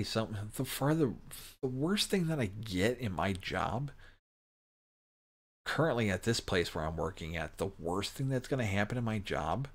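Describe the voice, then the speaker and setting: A man hosting a livestream, chatting casually with viewers and ranting bluntly about pay. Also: on the low side. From United States. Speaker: livestream host. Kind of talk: casual chat to live viewers.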